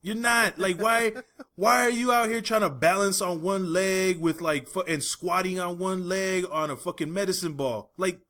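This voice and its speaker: A man co-hosting a podcast, ranting loudly with lots of swearing and laughter in casual chat. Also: high voice, moderate pace. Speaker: podcast co-host. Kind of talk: profane comedic ranting chat.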